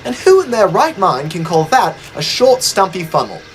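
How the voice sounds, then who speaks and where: A man voicing a boastful, chatty young male tank engine who talks in an excitable, self-important way. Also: sits high, normal speed, slight background noise, voice pushed up, low-quality recording. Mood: indignant.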